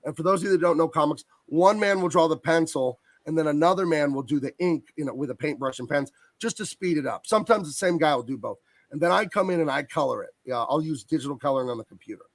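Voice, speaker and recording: A man's voice: on the high side, quick pace, hardly any pauses, no room sound. A man who colors comics, talking enthusiastically and at length about his work as a guest on a video call. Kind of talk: casual interview chat.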